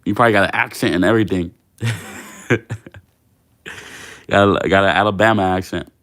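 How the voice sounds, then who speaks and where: A man's voice: low-pitched, steady tone, a little fast, a bit bright. A young man hosting a fitness livestream, chatting casually with viewers in a slangy, laid-back way.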